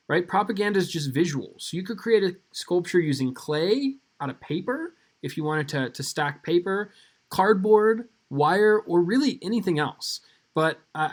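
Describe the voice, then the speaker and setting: Guy teacher doing a video lesson, kinda high voice, chill and upbeat, talks right to the kids. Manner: casual, upbeat, talks straight to students.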